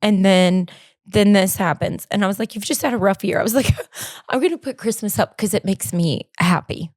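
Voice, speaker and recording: A woman's voice: medium pitch, moderate pace, a little mellow, no room sound, clean studio sound. A woman hosting a podcast alone, talking in a rambling, candid, self-deprecating way and fighting back emotion. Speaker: podcast co-host. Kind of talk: casual personal monologue.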